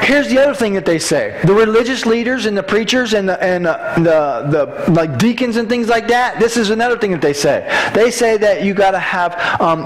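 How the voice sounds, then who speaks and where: A man's voice: sits high, a bit bright, a little hiss or hum, rough recording. A middle-aged man, preaching a conversational sermon with many restarts and asides.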